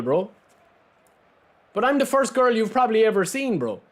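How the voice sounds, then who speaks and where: A man's voice: high-pitched, big pitch swings, moderate pace. A man with an Irish accent streaming a football video game, chatting casually and answering viewers directly. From Ireland. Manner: talks straight to chat, reads out and answers viewers' messages. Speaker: gaming streamer. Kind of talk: casual live-stream chat while playing.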